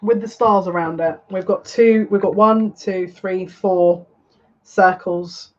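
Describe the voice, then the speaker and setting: A woman giving a live tarot card reading, musing aloud in a halting way and repeating words as she searches for meaning. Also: medium pitch, steady tone, darkish tone, lo-fi sound. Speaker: psychic tarot reader.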